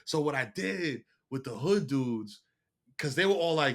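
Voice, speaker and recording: A man appearing as a podcast guest tells stories in casual chat, using slang, swearing often, and doing other people's voices. His voice is fairly high and animated, and he talks a little slowly.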